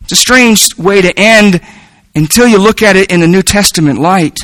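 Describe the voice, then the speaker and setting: Bright-voiced earnest male preacher. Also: high-pitched, normal speed, no echo, rough recording. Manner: earnest, repeats words as he builds a point. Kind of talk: sermon.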